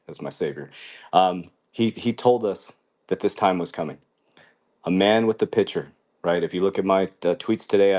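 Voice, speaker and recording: A man's voice: low-pitched, darkish tone. A man hosting a crypto show, talking in a fervent, preachy motivational way and swearing casually. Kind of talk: motivational live-stream talk.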